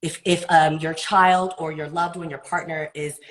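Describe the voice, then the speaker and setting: A woman speaking earnestly as a wellness guest on a live video call. Her voice sits a little low, and she stays animated as she gives advice. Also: normal speed, poor audio. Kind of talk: conversational advice in a live interview.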